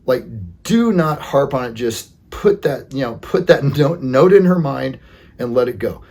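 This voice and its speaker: A man with a husky, slightly breathy voice of middle pitch gives casual dating advice straight to his viewers. He talks in an earnest, plain-spoken way, often filling gaps with "you know.". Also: animated, a little slow, a little mellow.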